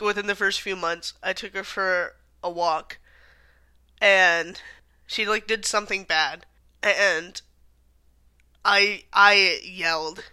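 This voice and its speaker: A woman's voice: mid-range voice, pushed and bright. A woman co-hosting a casual chat, telling stories with lots of fillers. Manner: chatty storytelling, frequent fillers and laughs.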